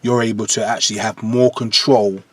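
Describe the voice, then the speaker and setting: A man's voice: lowish voice, normal speed, no room sound. A man in his forties, a jungle MC guest on a podcast, telling stories animatedly and often checking that the listener follows him. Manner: animated storyteller, keeps checking "do you understand". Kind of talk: podcast interview.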